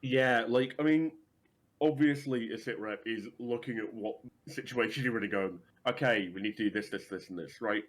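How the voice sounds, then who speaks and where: A man co-hosting a casual gaming podcast, animated and swearing casually. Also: medium pitch. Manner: animated, swears casually, acts out quick voices. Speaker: podcast co-host.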